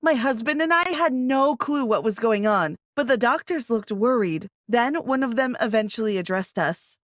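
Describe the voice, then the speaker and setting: A woman narrating a dramatic first-person story for an animated video. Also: a little high, normal speed, no echo.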